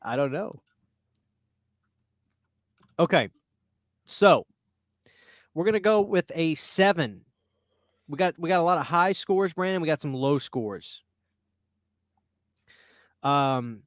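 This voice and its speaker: A man's voice: fairly high pitch, animated, unhurried, pauses often, no echo, clean studio sound. A man hosting a casual podcast chat, laid-back and laughing often between fillers. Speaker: podcast host.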